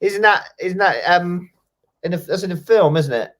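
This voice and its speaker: A man's voice: high-pitched, lively intonation, normal speed, fairly bright tone. A man co-hosting a casual chat, full of dry, teasing banter. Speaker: co-host.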